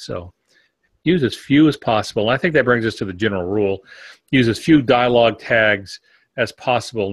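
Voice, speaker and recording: An older man co-hosting a writing podcast, explaining points in a measured, plain-spoken way. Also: lowish voice, a bit bright, no room sound. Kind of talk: instructive podcast discussion.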